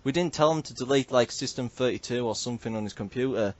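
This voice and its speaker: A man's voice: medium pitch, fast, lo-fi sound. A man, hosting a casual podcast and telling a story animatedly, swearing and mimicking others. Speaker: podcast host.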